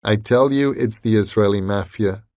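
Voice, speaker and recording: A man's voice: lowish voice, normal speed, darkish tone, dry recording, clean studio sound, lightly acted. A man doing a foul-mouthed angry boss. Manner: swearing, demanding.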